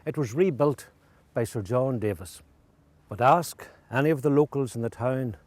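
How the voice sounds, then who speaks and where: A man giving measured, earnest scripted documentary narration. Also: medium pitch, darkish tone, no room sound.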